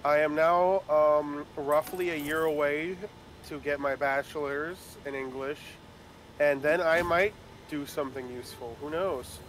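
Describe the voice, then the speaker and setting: A young man chats with friends and tells a rambling story, stopping and restarting often. His voice sits high. A faint hiss runs under the recording. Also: steady tone, a little slow, a bit bright. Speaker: player telling a story. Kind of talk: casual chat among friends.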